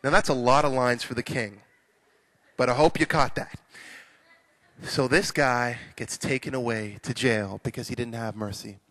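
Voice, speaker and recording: A man teaching children at a live conference session, animated and playful, praising his young volunteers. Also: medium pitch, normal speed. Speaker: children's ministry speaker.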